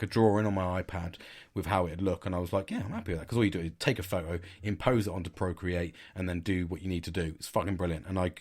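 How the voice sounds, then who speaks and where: Middle-aged podcast host, lowish voice, frank and rambling monologue. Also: male voice, darkish tone. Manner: candid, sweary, rambling with restarts. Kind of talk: casual storytelling monologue.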